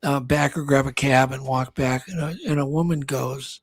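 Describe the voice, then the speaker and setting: A man's voice: mid-range voice, fairly even intonation, moderate pace, slightly rough, no echo. A man co-hosting a talk show, rambling through a story with many restarts and acted-out quotes. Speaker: co-host. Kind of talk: casual storytelling chat.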